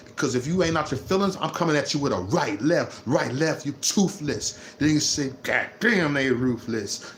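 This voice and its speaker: A man ranting on his vlog, repeating himself and swinging between low muttering and loud laughing outbursts. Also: a little hiss or hum. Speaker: vlogger. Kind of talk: unscripted livestream rant.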